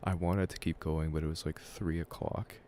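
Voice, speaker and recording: A young man with a low, mellow voice talks loosely to his viewers while playing a story game. He chats in a relaxed, offhand way between reading the game's lines aloud. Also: normal speed, slight background noise. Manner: relaxed chatter, reads game dialogue aloud. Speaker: streamer. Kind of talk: casual live-streamed game playthrough.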